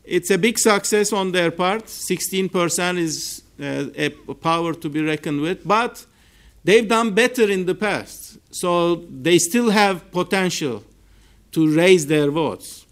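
Slow, measured Turkish-accented academic man. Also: high-pitched, a bit bright. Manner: measured, hesitant with frequent fillers. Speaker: political science researcher. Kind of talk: academic seminar talk. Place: seminar room.

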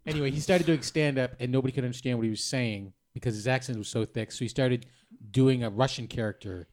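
A man's voice: mid-range voice, fast, a little mellow. Man telling a meandering anecdote. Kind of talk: casual comedy chat.

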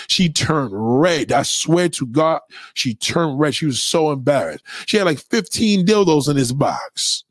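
A man's voice: on the high side, moderate pace, no room sound, clean studio sound. A middle-aged man, ranting in a profane comedic monologue and acting out quotes. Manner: animated, swearing, acts out quotes.

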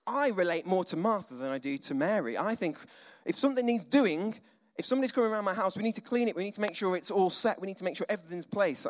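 A male preacher giving a conversational, animated sermon, full of asides and dramatic sighs. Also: high-pitched, fast. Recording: long hall reverb.

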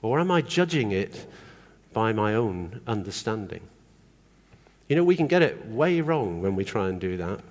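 Lively male preacher in a reverberant hall. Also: lowish voice, moderate pace. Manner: conversational, asks the congregation questions. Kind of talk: sermon. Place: church hall.

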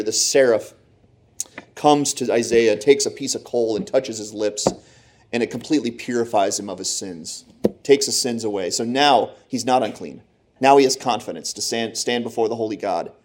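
A man's voice: mid-range voice, darkish tone. Man preaching a dramatic sermon. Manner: dramatic storytelling, acts out Bible characters.

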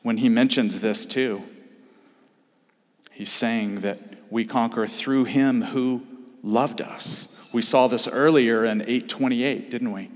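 A man's voice: mid-range voice, fairly even intonation, takes it slowly. A man preaching a sermon in earnest, building to emphatic peaks. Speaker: pastor. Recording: long hall reverb.

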